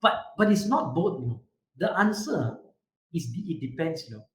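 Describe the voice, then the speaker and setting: An animated man coaching a youth group over a video call. His pitch is high and bounces a lot, and his voice echoes in a roomy space. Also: normal speed. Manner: animated, asks the group questions, repetitive fillers. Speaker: youth leadership speaker. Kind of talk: online workshop talk.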